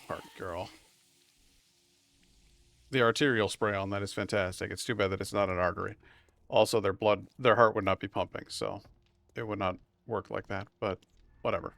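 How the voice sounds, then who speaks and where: A man's voice: fairly low pitch, steady tone, a little fast, vocal fry, a bit bright, dry recording. A man casually commentating his own survival game stream, wry and chatty, talking to himself as he plays.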